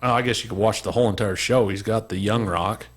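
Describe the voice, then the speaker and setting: A middle-aged man co-hosting a casual podcast chat, laughing often and turning animated when he quotes other people. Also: fairly low pitch, fast talker. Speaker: podcast co-host.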